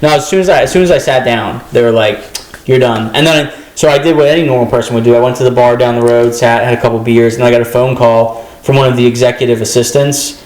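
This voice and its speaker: A man's voice: medium pitch, quick pace, darkish tone, roomy sound, poor audio. A young adult man, a comedian guest, telling a rambling story in casual chat and acting out the voices he quotes.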